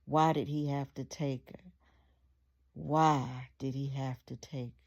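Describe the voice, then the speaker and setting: A man's voice: mid-range voice, level tone, takes it slowly, vocal fry. Angry grieving husband, read by a woman. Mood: bitter. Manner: bitter, shouting in rage. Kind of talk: read-aloud storytelling.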